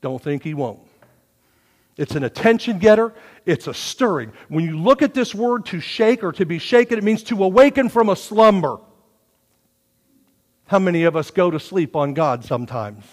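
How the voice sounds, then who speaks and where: A man preaching a folksy sermon to his congregation, swinging from hushed asides to loud, lively exhortation. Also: high voice, normal speed, in a large hall. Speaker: pastor. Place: church sanctuary.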